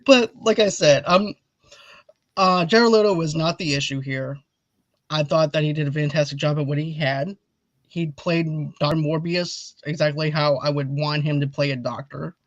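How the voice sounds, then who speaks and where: A man's voice: on the high side, moderate pace, a bit bright, no echo. A man hosting a casual movie review chat, rambling eagerly and urging viewers to comment. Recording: dull lo-fi audio.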